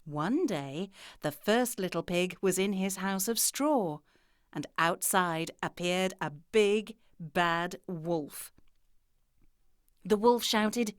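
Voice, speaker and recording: A woman narrating children's fairy tales in an expressive storytelling manner. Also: on the low side, takes it slowly, dry recording, studio quality.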